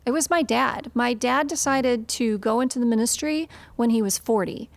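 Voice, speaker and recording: Woman from western illinois, kinda high, gravelly voice, talking about growing up, dry sound. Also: moderate pace, no room sound. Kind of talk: casual podcast conversation.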